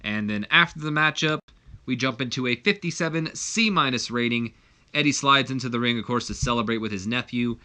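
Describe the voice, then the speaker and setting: A man's voice: mid-range voice, a little fast, sharp tone, clear, resonant tone. A man casually narrating and recapping a wrestling management game, chatty and full of fillers. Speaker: video game commentator.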